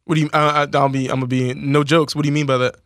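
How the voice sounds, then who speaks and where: A man's voice: fairly high pitch, flat delivery, racing, fairly bright tone, dry recording, studio quality. A man co-hosting a sports radio show, joking wryly with the host.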